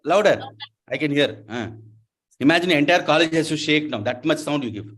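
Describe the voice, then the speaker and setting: A man's voice: on the high side, expressive, brisk, fairly bright tone. A man giving a playful, interactive storytelling lecture to a university class, often asking the audience questions. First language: not Telugu. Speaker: guest lecturer.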